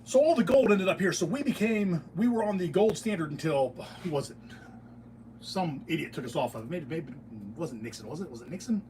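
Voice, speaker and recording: Middle-aged American man, higher voice, rambling opinionated shop-talk host, heard from a distance. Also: lively intonation, brisk, mellow. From United States. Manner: opinionated, digressive, self-interrupting with restarts. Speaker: beekeeping channel host. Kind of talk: casual rambling monologue. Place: workshop. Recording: distant mic with faint room noise.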